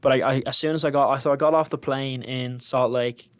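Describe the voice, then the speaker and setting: A man's voice: medium pitch, fairly even intonation, brisk, fairly bright tone, clear, resonant tone, no echo. Young man with a posh South Dublin accent. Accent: South Dublin Irish. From Ireland. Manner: rambling storyteller with many restarts. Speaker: guest. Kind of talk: casual chat.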